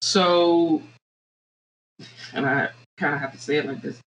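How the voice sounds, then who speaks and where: A woman with a Southern American accent, a podcast guest talking things through in a reflective, halting way with many restarts. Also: low voice, steady tone, slight background noise, rough recording. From Southern United States. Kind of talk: casual podcast conversation.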